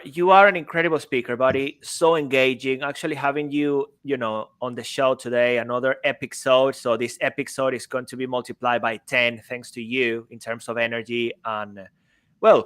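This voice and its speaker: Man, podcast co-host, playful, jokey, mid pitch. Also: moderate pace, fairly bright tone. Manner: jokey, playful, laughs easily. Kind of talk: podcast interview.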